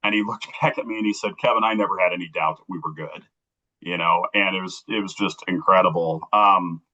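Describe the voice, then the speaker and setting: A man from Kansas City telling an emotional personal story as a guest, earnest and halting, acting out the dialogue he quotes. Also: deep voice, bright, forceful tone. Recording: dull lo-fi recording.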